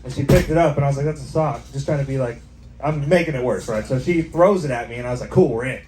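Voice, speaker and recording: A man's voice: medium pitch, fast talker. A young man doing a stand-up set in a bar, rambling casually and tossing in lots of "like" and "right?". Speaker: stand-up comedian. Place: bar with live audience. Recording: echoey bar with background noise.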